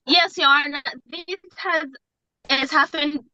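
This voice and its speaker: An emotional woman, a mother testifying in court over a phone video call from a parked car, pleading and halting with repeated words. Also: sits high, steady tone, pushed and bright, no echo, lo-fi sound.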